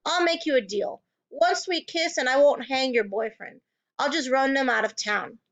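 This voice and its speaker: A woman reading aloud, voicing a drunk, leering small-town sheriff who talks in a slow drawl. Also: sits high, fairly bright tone.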